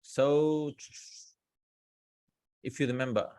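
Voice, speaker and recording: A man teaching Arabic grammar in a casual class, explaining slowly and often checking with students. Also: medium pitch, steady tone, warm tone, clear, resonant tone, dry recording.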